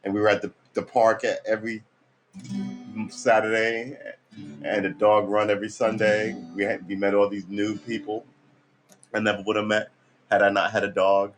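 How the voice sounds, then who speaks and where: With a lowish voice and flat delivery at a normal pace, a man who has just woken up wanders through a story while working on guitar. He sounds tired and relaxed, swearing offhandedly and letting fillers trail.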